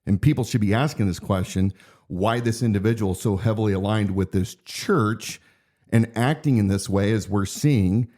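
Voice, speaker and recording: A man's voice: fairly low pitch, normal speed, mellow. A man co-hosting a political podcast, talking earnestly and reading quotes aloud. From United States. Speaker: podcast co-host. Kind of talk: casual political podcast talk.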